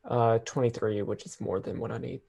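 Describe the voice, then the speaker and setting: A man playing in a tabletop game, speaking in a brisk, matter-of-fact way. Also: fairly low pitch, steady tone, vocal fry, noisy background. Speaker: player. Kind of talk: casual tabletop play.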